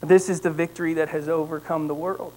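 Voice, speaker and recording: Lively pastor man preaching. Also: a little high, brisk, poor audio. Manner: animated storytelling, then quiet prayer. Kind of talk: sermon. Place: church sanctuary.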